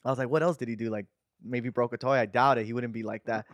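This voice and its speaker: A young man with a lilt trades casual stories on a podcast, full of slang. His voice sits at a middle pitch. The sound is close and dry. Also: steady tone, quick pace, no room sound. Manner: loose slangy banter, drops into playful voices when quoting. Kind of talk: casual chat.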